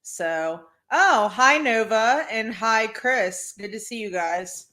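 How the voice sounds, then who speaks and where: A woman's voice: fairly high pitch, expressive, slow, bright, forceful tone. Chatty young woman rambling casually. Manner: chatty, rambling with many "like" fillers. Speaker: podcast co-host. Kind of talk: casual chat.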